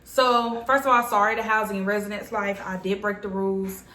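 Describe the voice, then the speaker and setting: A woman's voice: mid-range voice, little pitch movement, fairly quick, bright, forceful tone, roomy sound. A young adult woman telling a personal story to her viewers in a chatty, dramatic way. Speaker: vlogger. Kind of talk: storytime vlog.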